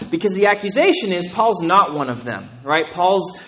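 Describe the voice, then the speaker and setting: With a high-pitched, slightly bright voice and big swings in pitch, this male pastor keeps a moderate pace. His sermon feels like a conversation, dotted with "right?" and "okay?" as he checks in with the congregation.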